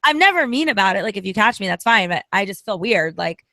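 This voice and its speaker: A woman co-hosting a casual live video call, chatty and quick to laugh. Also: medium pitch, animated, sharp tone, dry recording. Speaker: podcast co-host.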